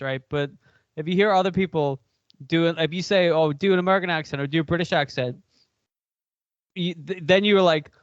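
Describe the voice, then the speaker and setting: A man's voice: on the high side, no echo, lo-fi sound. Irish man, casual podcast chat. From Ireland. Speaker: podcast co-host.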